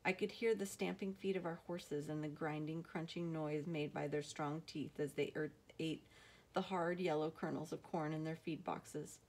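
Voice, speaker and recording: A woman reads a novel aloud in a steady, measured way. Her voice sits somewhat low for a woman. She tells the story plainly and evenly. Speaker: audiobook narrator.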